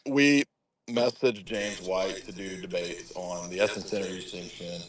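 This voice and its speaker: A man's voice: low-pitched, fairly even intonation, unhurried, no echo. A man putting on a sassy honey-calling gossip. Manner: sassy, drawling, teasing.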